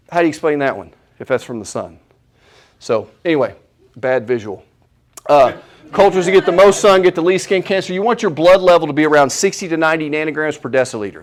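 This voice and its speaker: Animated man lecturing on health. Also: a little high. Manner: animated, opinionated, asks the audience questions. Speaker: chiropractor giving a health talk. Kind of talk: live seminar talk to an audience.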